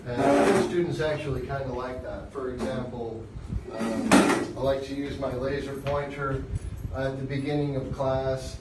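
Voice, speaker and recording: A man teaching English, explaining how he uses puppets in class in a relaxed, halting way with fillers. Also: medium pitch, background noise. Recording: echoey room from far off.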